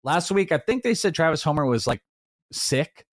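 A man's voice: a little high, no echo. Dry-sounding man in casual football chat. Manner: rambling, animated, quick asides. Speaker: fantasy football podcast host.

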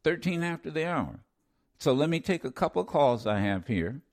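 A man's voice: a little high, moderate pace. A man hosting a call-in radio talk show who challenges and scolds callers, his voice rising as he gets worked up. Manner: lively, interrupts and scolds callers, voice rising when angry.

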